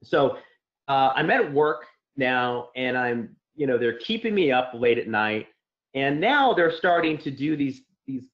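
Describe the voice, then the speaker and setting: A man's voice: medium pitch, sing-song, measured pace. Man rambling with many fillers, dull audio. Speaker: interview guest. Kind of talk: casual spoken account. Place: Santa Clara area.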